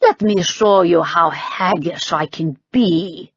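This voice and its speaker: A woman voicing a sharp-tongued older witch and mother, mocking and shrill. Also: takes it slowly, breathy edge, no echo, highs cut off. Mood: scolding. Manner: mocking, shrill, sing-song.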